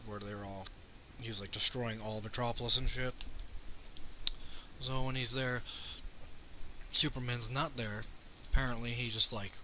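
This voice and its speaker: Reviewing a film on his channel, this young host delivers a rambling, profane rant, mocking characters' dialogue while recounting scenes and cursing frequently. His mid-range voice sounds pushed and bright over slight background noise.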